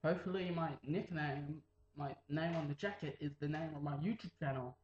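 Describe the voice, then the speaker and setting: A man's voice: a little high, fairly quick, echoey room, highs cut off, noisy background. A teenage boy rambling in a casual vlog, mumbling and jumping into silly voices. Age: late teens. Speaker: vlogger.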